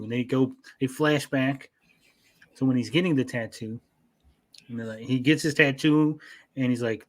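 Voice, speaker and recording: Male co-host, casual and profane, mid pitch, breaks into quick quoted voices while recapping. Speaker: podcast host. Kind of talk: casual chat.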